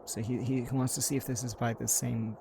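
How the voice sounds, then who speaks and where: Gravelly-voiced man, casual tabletop player narrating his character, faint background noise. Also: medium pitch, level tone, brisk. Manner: filler-heavy, describes his character's actions.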